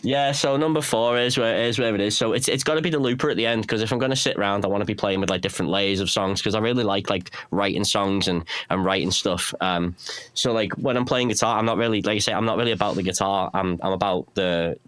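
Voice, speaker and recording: A man's voice: fairly low pitch, fast talker, fairly bright tone, clean tone, no echo. A man with a Runcorn Scouse accent, talking casually as a podcast guest in a rambling, self-deprecating way, often restarting his sentences. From England. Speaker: guest, pedal maker.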